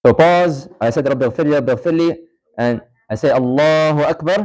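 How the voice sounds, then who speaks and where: Talking very fast, this man has a slightly mellow voice on the high side, recorded with poor audio. As a religious teacher in a mosque hall, he gives a casual lecture with live demonstration, asking the class questions, repeating points, and inserting short Arabic recitations.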